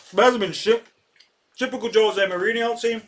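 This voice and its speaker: A man reacting live to a football match as a fan, getting excitable, swearing and shouting at the referee. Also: sits high, moderate pace. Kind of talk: live match watch-along commentary.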